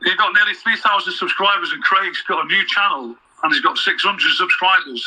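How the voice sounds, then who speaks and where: A man's voice: sits high, fairly quick, bright, forceful tone, poor audio. A man gossiping scornfully about another online figure in casual chat.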